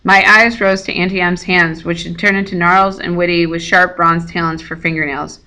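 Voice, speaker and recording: A woman's voice: on the low side, steady tone, moderate pace, pushed and bright. A woman reading a novel aloud, sometimes stumbling and rereading words. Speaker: reader.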